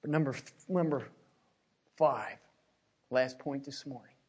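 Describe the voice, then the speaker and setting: A middle-aged man from Pennsylvania preaching a sermon, telling a personal story with emotion and repeating his words as he swings from hushed to loud. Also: mid-range voice, takes it slowly, husky.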